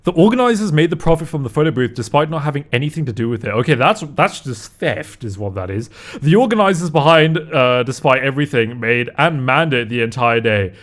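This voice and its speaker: A young man hosting a reaction video, excitable and sweary, laughing often as he comments. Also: medium pitch, a little fast.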